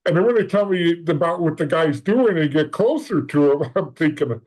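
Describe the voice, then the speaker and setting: A man's voice: fairly high pitch, animated, normal speed, hardly any pauses, darkish tone, low-quality recording. A man, a podcast guest, telling a long first-hand story in casual conversation, rambling with restarts and acting out the lines of the people in it. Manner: rambling, acts out quoted dialogue, frequent restarts.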